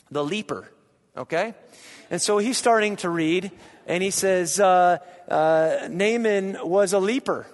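Pastor, male, thirties, high voice, unhurried delivery with shouted peaks, long hall echo. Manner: animated preacher, bursts into shouts. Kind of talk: sermon.

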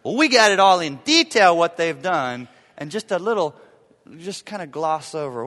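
A man's voice: fairly high pitch, very animated, moderate pace, fairly bright tone. A man in his forties preaching a sermon, emphatic and repeating his key phrases for the congregation. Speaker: pastor. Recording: echoey hall reverb.

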